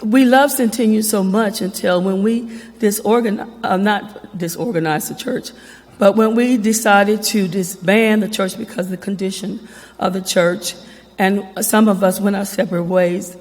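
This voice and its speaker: A woman addresses an audience with a voice congested from allergies, a little out of breath and informal. Her pitch is middle for a woman. The long reverb of a large hall trails her words. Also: steady tone, moderate pace. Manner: warm, slightly breathless, informal. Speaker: foundation representative. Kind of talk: public remarks. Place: event hall.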